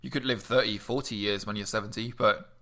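A man's voice: lowish voice, fairly even intonation, a little fast, a bit bright. A man, a podcast guest, chatting in an easygoing way and often restarting his sentences. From France. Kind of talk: casual chat.

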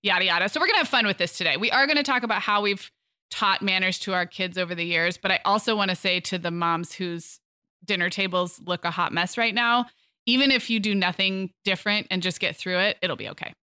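A woman's voice: medium pitch, fairly quick, bright, forceful tone, clean tone, dry recording, studio quality. A woman co-hosting a parenting podcast, chatting casually in an upbeat way and reading sponsor spots. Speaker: podcast co-host. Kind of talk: casual podcast chat with read ads.

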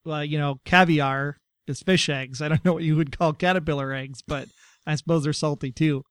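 A man's voice: fairly high pitch, steady tone, moderate pace, clean tone, dry recording, studio quality. A man co-hosting a casual talk show, reading listener messages with a wry delivery. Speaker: podcast co-host. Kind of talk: casual chat.

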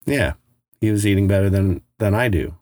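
A man co-hosting a podcast, talking in a halting, reflective way in casual chat. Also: on the low side, a little mellow. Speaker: podcast co-host.

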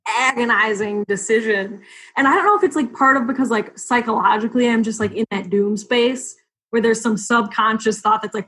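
A woman's voice: fairly high pitch, normal speed, a bit bright, breathy edge. A woman on a casual podcast chat, rambling and searching for words, with lots of "like". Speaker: podcast guest.

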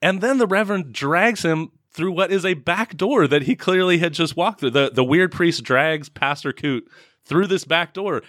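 A man recapping a horror movie in casual chat, animated and laughing often, swearing now and then. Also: a little high, normal speed, dry recording, studio quality. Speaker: podcast co-host.

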